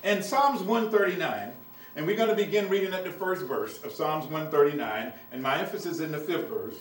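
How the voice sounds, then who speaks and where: A man's voice: on the high side, a little fast, distant mic, a little hiss or hum. Man, preacher, sermon, reads scripture then explains it, echoey room. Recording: echoey room, mic from afar.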